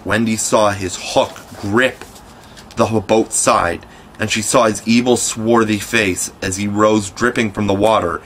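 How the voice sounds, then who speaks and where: A man reading a children's classic aloud in measured, scripted narration. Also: fairly low pitch, a bit bright, a little hiss or hum. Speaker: audiobook narrator.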